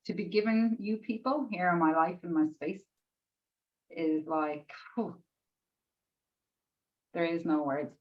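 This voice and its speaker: On a group coaching call, a woman with a fairly low-pitched voice gets emotional enough to nearly cry, gushing and rambling with heavy use of "like" and a few swear words thrown in. High frequencies are missing from the recording.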